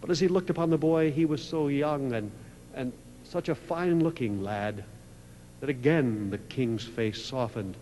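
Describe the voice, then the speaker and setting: A man preaching a sermon, telling a story in a dramatic way that swells from a hush to a loud climax. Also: medium pitch, moderate pace. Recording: reverberant hall with faint mains hum.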